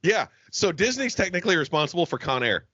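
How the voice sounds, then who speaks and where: A man's voice: sits high, very animated, quick pace, sharp tone, breathy edge, no echo, muffled recording. A man from the Southern US co-hosting a podcast, chatting casually with a profane, joking manner and frequent laughter. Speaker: podcast co-host. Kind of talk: casual comedic chat.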